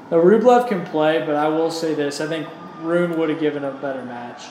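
A man's voice: a little high, moderate pace. Joking young man in an echoey room. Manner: joking, animated, swears freely. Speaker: podcast co-host. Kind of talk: casual chat. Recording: echoey room, faint background noise.

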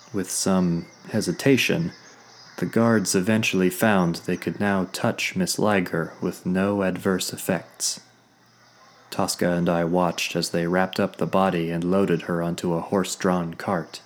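Slow, deep-voiced male story narrator. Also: fairly even intonation. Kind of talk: scripted first-person audiobook narration. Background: faint background music.

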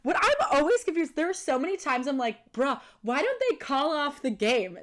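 A young woman co-hosts a podcast in easygoing chat. She laughs often and slips into playful voices when quoting characters. Her voice sits a little high. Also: normal speed. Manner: giggly, animated, quotes characters in playful voices. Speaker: podcast co-host. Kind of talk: casual chat.

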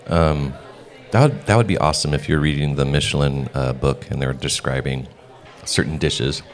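A man co-hosting a podcast in casual chat, playful and quick to joke. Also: a bass voice. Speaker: podcast co-host.

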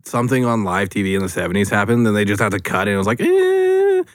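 A man's voice: fairly low pitch, big pitch swings, fast talker, no echo, clean studio sound. A man from Canada hosting a podcast, joking brashly and swearing as he chats. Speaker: podcast host. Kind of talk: casual chat.

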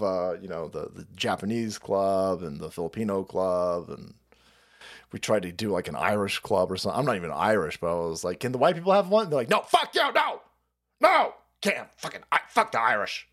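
Older male streamer, profane ranter, fairly high voice with big swings. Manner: foul-mouthed, swings from loud mockery to low mutters, laughs often. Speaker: political commentary streamer. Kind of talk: profane livestream rant.

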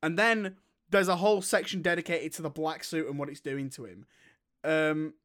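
A young man talks movies in a loose, rambling way, tripping over his words and swearing freely. His voice sits a bit high and sounds bright. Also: moderate pace. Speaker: podcast co-host. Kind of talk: casual film chat.

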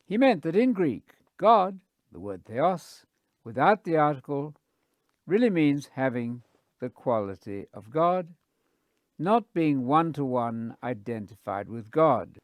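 A man giving a measured, scholarly lecture on scripture, quoting his sources carefully. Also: fairly high pitch, very animated, no room sound. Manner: deliberate, quotes sources carefully. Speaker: Bible teacher.

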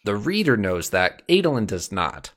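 A man with a very deep voice walks his co-hosts through scenes from a book. He explains point by point in a casual, conversational way. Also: big pitch swings, moderate pace, a bit bright. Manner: explanatory, recaps plot in detail. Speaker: podcast co-host.

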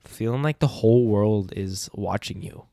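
Animated young man, laughing storyteller. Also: fairly low pitch, normal speed, vocal fry, no room sound, studio quality. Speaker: podcast co-host. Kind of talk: casual chat. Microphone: podcast mic.

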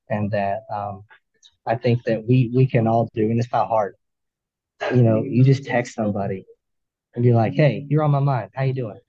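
A man speaks earnestly as a podcast guest, restarting his sentences as he works through his thoughts. His voice is very dark and husky. The recording is dry and a bit dull. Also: mid-range voice, no echo. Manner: earnest, halting, many restarts. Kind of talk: candid interview talk.

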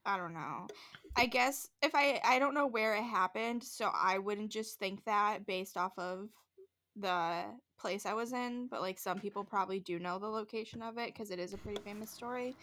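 A woman's voice: mid-range voice, normal speed, fairly bright tone. A young woman co-hosting a podcast, casually retelling a show's plot with lots of filler and quoted voices. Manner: rambling retelling with many likes and quoted voices. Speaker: podcast co-host. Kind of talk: casual storytelling chat.

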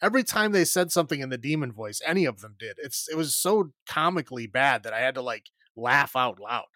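With a medium pitch, brisk pace, and sharp tone, this man co-hosts a podcast, giving a casual film review. His talk wanders and sounds exasperated, full of fillers and false starts, and the recording is dry.

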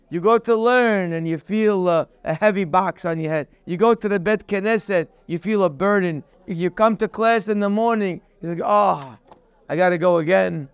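A man gives a morning Torah class with a high, smooth, resonant voice. He is emphatic, repeats his key phrases and fires rhetorical questions. He slips into a storytelling manner for parables, recorded close and dry. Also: no room sound. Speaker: Torah teacher.

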